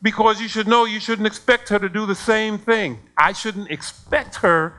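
A man preaching who voices an angry, indignant mother of a schoolgirl, shrill and demanding in a raised voice. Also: unhurried, pushed and bright.

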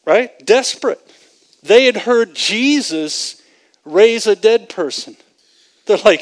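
A man delivers a sermon in a noticeably high voice, taking his time over each phrase. He is earnest and emphatic. He unpacks scripture with vivid retellings. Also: expressive, slow, low-quality recording. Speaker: preacher. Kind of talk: sermon teaching.

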